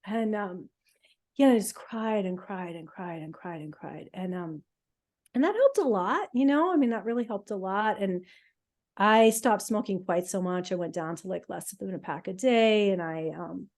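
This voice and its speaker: Woman telling her story with a mellow voice. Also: mid-range voice, expressive. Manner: emotional, halting, many fillers and restarts. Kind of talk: casual personal storytelling.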